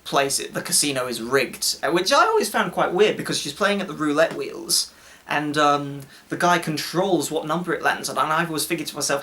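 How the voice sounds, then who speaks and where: A man's voice: fairly high pitch, animated, a little fast, pushed and bright. A man co-hosting a casual chat, talking loosely, laughing often, swearing and mimicking characters. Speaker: co-host.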